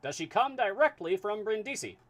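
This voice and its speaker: A man voicing a nervous, dogmatic male detective in a live reading of a classic novel, speaking high, loud and insistent. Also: sing-song, fairly quick. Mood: eager.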